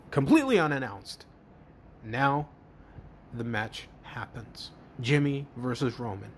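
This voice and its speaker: A man's voice: medium pitch, a little hiss or hum. A man casually narrating an imagined wrestling show step by step, often restarting and repeating words as he goes. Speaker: host, fantasy booker. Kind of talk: casual play-by-play storytelling.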